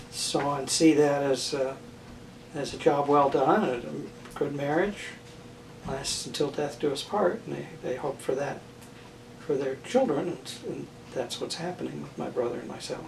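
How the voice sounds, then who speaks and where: A man's voice: mid-range voice, creaky. Older man recalling family life, distant. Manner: thoughtful, halting, many fillers and restarts. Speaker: interviewee. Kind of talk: oral history interview. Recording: roomy, distant mic with faint noise.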